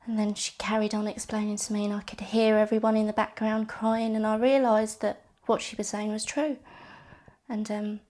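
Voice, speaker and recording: A woman interviewed as a bereaved sister, telling her story haltingly, with repeated words and restarts. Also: mid-range voice, flat delivery, darkish tone. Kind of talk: personal testimony interview.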